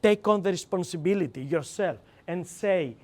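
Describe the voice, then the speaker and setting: A man with a Greek accent leading a live seminar, emphatic and animated, acting out quoted lines and calling on audience members by name. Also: sits high, normal speed. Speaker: seminar trainer.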